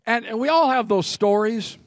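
A man with a very high voice preaches a sermon at normal speed, told through humorous stories. He's animated, laughs often, and calls out to the congregation, and the recording is dry and studio quality.

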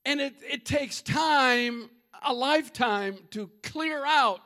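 A man preaching a humorous, animated sermon and addressing the congregation directly. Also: extremely high pitch, slow pace.

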